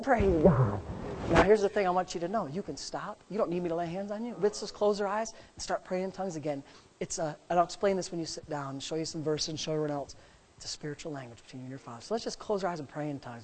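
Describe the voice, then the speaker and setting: A woman's voice: fairly low pitch, lively intonation. A woman minister preaching and leading prayer in a church service, emphatic and fervent, breaking into speaking in tongues. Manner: emphatic and fervent, with exclamations and repeated words; bursts into rapid speaking in tongues.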